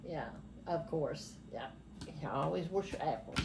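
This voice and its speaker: A woman's voice: sits low, lively intonation, a little slow, creaky, background noise. An older woman, a grandmother, chatting homespun through a cooking demonstration in a home kitchen. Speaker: grandmother showing a recipe.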